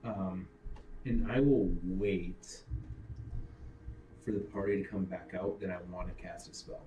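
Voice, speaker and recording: A man's voice: deep voice, fairly even intonation, measured pace, background noise. A man playing a tabletop game, talking hesitantly with many fillers, recorded from a distant mic in a roomy space. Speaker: player. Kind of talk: casual tabletop play.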